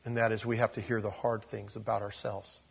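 A man, a pastor, preaching an expository sermon, swinging from loud emphasis to quiet asides. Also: lowish voice, little pitch movement, a little fast, vocal fry, breathy edge.

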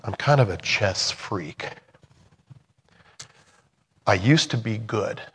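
A man preaching a sermon in a conversational way, swinging from loud emphatic bursts to soft, hushed lines. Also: fairly low pitch, lively intonation, takes it slowly, breathy edge.

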